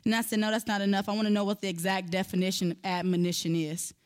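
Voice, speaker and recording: A woman teaching on parenting gives a sermon-style talk, telling a personal story as an animated storyteller who addresses her listeners directly. She talks fast in a mid-range voice.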